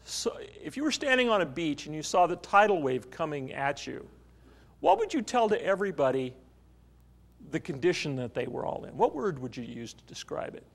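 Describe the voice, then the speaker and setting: A man's voice: fairly high pitch, very animated, moderate pace, creaky. A man preaching a sermon, telling a story and asking the congregation questions. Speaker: pastor.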